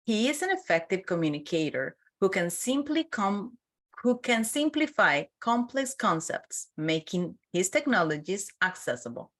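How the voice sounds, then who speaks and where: A woman hosting a podcast, giving a formal, deliberate introduction of her guest and interviewing him. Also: medium pitch, sing-song, a bit bright. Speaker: podcast host.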